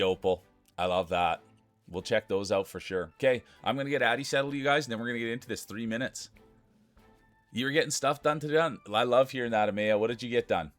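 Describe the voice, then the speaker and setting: A man streaming live, chatting casually and excitedly with his viewers and thanking them by name. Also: fairly low pitch. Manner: excitable, talks straight to chat.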